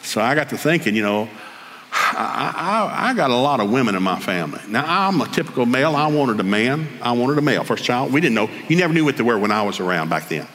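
Older Southern man preaching, lively comic storyteller, big pitch swings, booming through a reverberant hall. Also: fast, slight background noise. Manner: animated storyteller, jumps to high excited voices for quoted people. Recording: long hall reverb, faint ambience.

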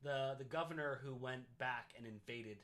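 A man's voice: medium pitch, moderate pace, a bit bright. A Canadian man hosting a casual history podcast, explaining at length with lots of fillers and self-corrections. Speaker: podcast host.

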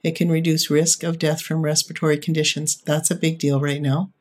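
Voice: mid-range voice, little pitch movement, a little fast. An upbeat, encouraging podcast host giving parents tips in a monologue.

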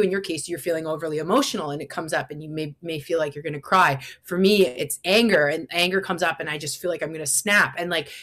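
A woman's voice: fairly low pitch, fairly bright tone. A woman in a casual conversation, sharing self-care advice in a chatty, encouraging way with lots of "like" fillers.

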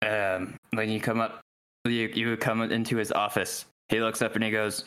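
Man, game master, relaxed, descriptive narration. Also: fairly low pitch, normal speed, smooth.

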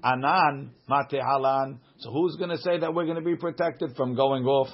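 A man teaches a Talmud class, reading a phrase of the text aloud and then explaining it in plain words. His pitch sits in the middle range for a man. The recording sounds dull and lo-fi. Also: moderate pace, gravelly. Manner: reads Aramaic text then translates it line by line.

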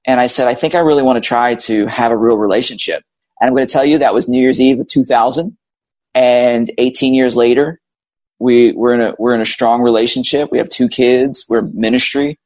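Forties guy telling his life story, candid and animated, dry close mic. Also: mid-range voice, brisk, no room sound. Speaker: guest. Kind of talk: personal storytelling.

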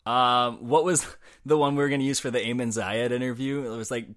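A man from Minnesota co-hosting a podcast in casual chat, with dry, deadpan replies. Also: medium pitch, brisk. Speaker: podcast co-host.

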